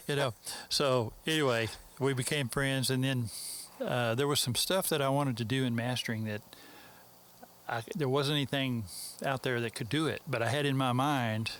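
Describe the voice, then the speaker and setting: A Texan man speaking as an interview guest, telling a long story in a relaxed, folksy way. He rambles and leans on fillers like "so anyway". His voice sits at an ordinary middle pitch for a man. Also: unhurried, clear, resonant tone. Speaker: interview guest, mastering engineer.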